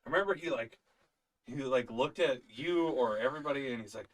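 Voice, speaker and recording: A man's voice: mid-range voice, brisk. A young man on a podcast, telling a story in laid-back slang and trailing off mid-thought. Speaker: podcast co-host. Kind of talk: casual storytelling chat. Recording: voice distant from the mic.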